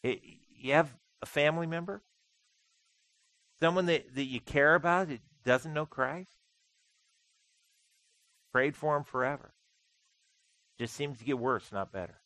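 A man's voice: a little high, a little slow, long pauses, sharp tone, no room sound, low-quality recording. A man preaching a sermon as pastor, conversational with dry humor and emphatic repetition. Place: church sanctuary.

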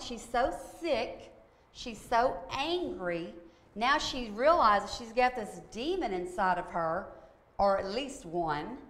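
Woman preacher, higher voice, emphatic storytelling, roomy echo. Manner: emphatic, repeats "okay?" for emphasis. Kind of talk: sermon-style storytelling. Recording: echoey room.

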